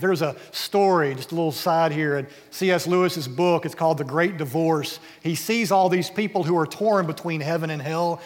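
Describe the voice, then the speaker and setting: A man preaching a sermon as pastor, earnest and sometimes dropping to a hush. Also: high voice. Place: church sanctuary. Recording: long church-hall reverb.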